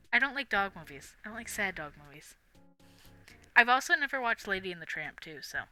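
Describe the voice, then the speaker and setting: A woman's voice: mid-range voice, sing-song, moderate pace, bright, forceful tone, soft background music. A young woman live-streaming, chatting casually in a rambling, giggly way with lots of fillers. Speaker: livestream host.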